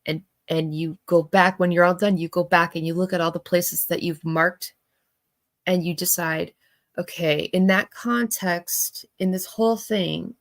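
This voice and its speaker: A woman hosting a commentary, explaining statement analysis in a halting, repetitive way. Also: lowish voice, steady tone. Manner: halting, repeats words while explaining.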